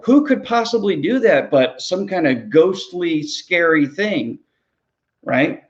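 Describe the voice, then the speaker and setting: A man's voice: on the high side, expressive, takes it slowly, highs cut off. A man, a ministry pastor, preaching a sermon in an earnest, conversational way, often repeating words as he goes.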